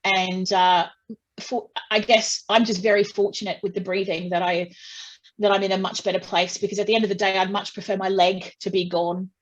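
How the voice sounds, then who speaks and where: A woman's voice: mid-range voice, level tone, moderate pace, dull audio. A woman singer in an interview, talking casually and at length, often restarting phrases and acting out what people said. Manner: chatty, restarts often, acts out quotes.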